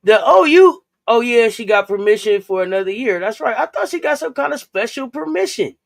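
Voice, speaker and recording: A man's voice: extremely high pitch, a little fast, creaky, no echo. A man co-hosting a casual sports talk show, loose and chatty, often repeating himself. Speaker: co-host.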